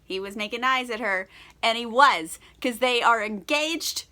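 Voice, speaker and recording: A woman's voice: a little high, a little slow, sharp tone. A young woman, a little drunk on wine, recapping a novel in a casual comic vlog, laughing often, swearing freely and saying "like" a lot. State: tipsy from wine. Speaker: book vlogger. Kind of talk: casual comedic book recap.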